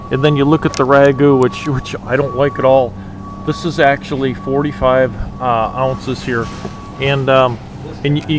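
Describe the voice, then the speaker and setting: A man's voice: mid-range voice, noisy background. A man filming a casual shopping vlog, walking a big warehouse store and talking to the camera in an exasperated way about prices. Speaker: shopping vlogger.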